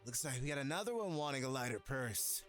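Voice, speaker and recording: An actor playing a greedy, swaggering bandit leader in a video game, gloating and taunting. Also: male voice, medium pitch, expressive, quick pace, over music, close to an everyday voice.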